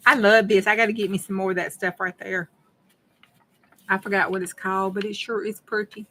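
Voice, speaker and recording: A woman's voice: medium pitch, flat delivery, brisk, fairly bright tone, slight background noise. Folksy woman chatting while crafting. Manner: chatty, folksy, talks to viewers. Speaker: craft vlogger. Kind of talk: casual chat while crafting.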